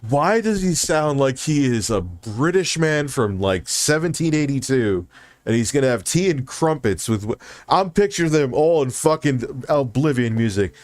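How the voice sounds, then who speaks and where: A man streaming reaction commentary, mocking and swearing, often rising into loud high-pitched rants. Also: lively intonation, normal speed, no echo.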